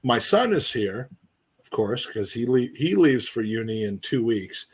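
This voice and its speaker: A middle-aged man talking casually on a podcast at an ordinary pitch. He rambles earnestly and trips over his own restarts as he thinks aloud. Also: very animated, measured pace, breathy edge. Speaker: podcast co-host. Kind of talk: casual chat.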